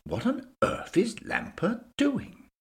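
A man's voice: extremely high pitch, expressive, takes it slowly, pitched above the performer's own voice, heavily acted. A man voicing Henry, a genteel elderly male ghost who speaks in a proper, old-fashioned way. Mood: bemused.

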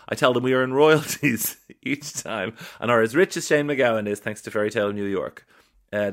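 A man's voice: mid-range voice, a bit bright. An Irish man hosting a comic podcast, reading listener emails aloud and stopping to riff on them with a wry, playful manner. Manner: wry, playful, stops to riff on what he reads. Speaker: podcast host.

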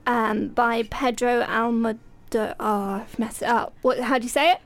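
A woman hosting a casual film podcast, bright and giggly. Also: on the high side, moderate pace. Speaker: podcast host.

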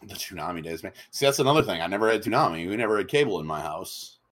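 A man's voice: low-pitched, lively intonation, fast, a bit bright. A man co-hosting a podcast in loose, rambling casual chat, often repeating words as he restarts. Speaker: podcast co-host.

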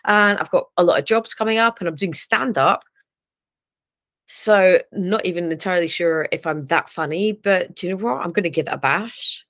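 Scottish woman guest, lowish pitch, chatty, laughs a lot, relaxed podcast chat. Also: normal speed. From Scotland. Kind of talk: casual chat.

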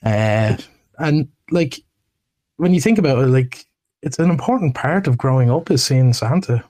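A man speaking as a guest in a casual podcast interview. He talks in a relaxed, hesitant way with frequent ums and restarts. His voice sits at an average pitch. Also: moderate pace. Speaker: guest, massage therapist.

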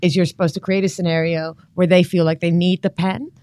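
A woman's voice: on the low side, flat delivery, fairly quick, darkish tone, no room sound. A woman co-hosts a comedy podcast in a medium voice. She is chatty and agreeable and keeps adding to the jokes. The recording is close and dry. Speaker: podcast co-host. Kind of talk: casual podcast chat.

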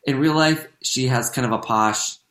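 A man's voice: medium pitch, moderate pace, a bit bright. Male co-host, rambly chat, echoey room. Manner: rambling, full of fillers and self-corrections. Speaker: podcast co-host and stage performer. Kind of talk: casual chat.

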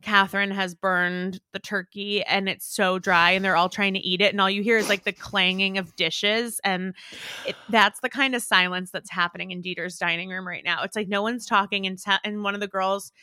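A young woman with a smooth, mid-range voice co-hosts a casual podcast, recapping a show at a normal speed on a dry recording. She's an animated storyteller who acts out quotes and laughs a lot.

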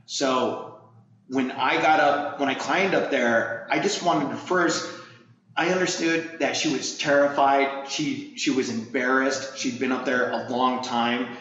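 A man telling a story in casual chat, animated and acting out the people he quotes. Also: medium pitch, unhurried, slight background noise. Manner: energetic storyteller, acts out quotes. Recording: echoey, dull-sounding room.

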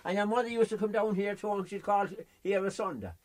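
Older rural man, high-pitched, stammers and repeats phrases, outdoor chat. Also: steady tone, quick pace. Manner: repeats himself, stammers, friendly. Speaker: local bog dweller. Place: outdoors on a bog.

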